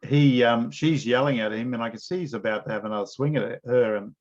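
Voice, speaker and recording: A man interviewing a guest and telling animated stories in a casual, slangy way. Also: mid-range voice, fairly quick, dull audio. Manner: animated storyteller, blokey slang.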